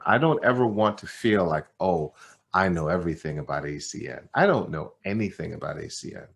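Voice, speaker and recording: A man giving a motivational talk at a company training event, telling a story and acting out both sides of a conversation with repeated phrases. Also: lowish voice. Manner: animated storyteller, repeats phrases, acts out dialogue. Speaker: company executive speaker.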